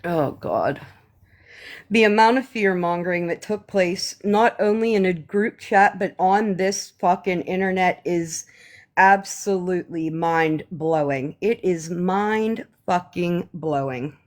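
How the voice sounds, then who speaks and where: A woman on a live stream, ranting to her viewers in a heated, profane, sarcastic way, often slowing down to stress her words. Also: lowish voice. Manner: slow emphatic pauses.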